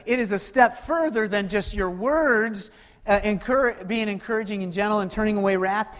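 A man preaching a sermon as pastor, swinging between loud emphatic passages and hushed, quiet asides. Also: sits high, big-room sound.

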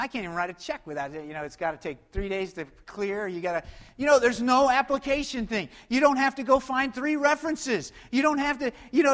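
A man preaching a sermon, swinging between loud exclamations and hushed, quiet lines. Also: extremely high pitch. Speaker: pastor. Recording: long hall reverb.

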